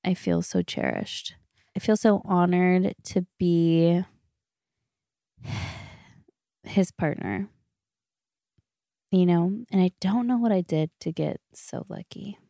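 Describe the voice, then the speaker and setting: A woman's voice: on the low side, big pitch swings, slow pace, pauses often, dark tone, no room sound, studio quality. A woman, hosting a solo podcast in casual chat. She gushes, laughs often and swears freely. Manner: chatty, gushing, laughs often. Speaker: podcast host.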